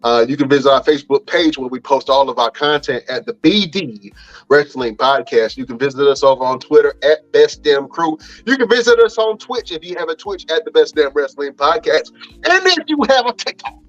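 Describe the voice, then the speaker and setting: A man's voice: a little high, a little fast. Chatty male podcast host, muffled lo-fi sound. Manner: loose, chatty, filler-heavy delivery. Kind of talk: casual show outro with plugs. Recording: dull lo-fi audio, faint music.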